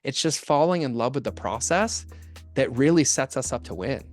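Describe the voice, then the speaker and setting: A man who works as a marketing strategist, telling stories in a casual podcast interview with earnest, animated energy and quick bursts of speech. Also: medium pitch, soft background music.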